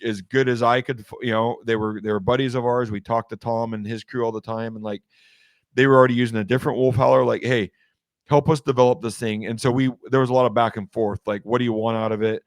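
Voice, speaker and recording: A man's voice: mid-range voice, little pitch movement, quick pace, no echo, studio quality. A man speaking as an interview guest about designing game calls, rambling in a casual way with many restarts and fillers. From Washington state. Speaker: guest, game call maker.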